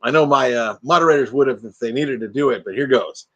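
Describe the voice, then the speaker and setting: A man's voice: medium pitch, fast talker, pushed and bright, dull audio. An older man from Texas with a Texan accent, hosting a casual live chat and joking around with silly bits. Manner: jokey, slips into silly bits and voices. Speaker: livestream host.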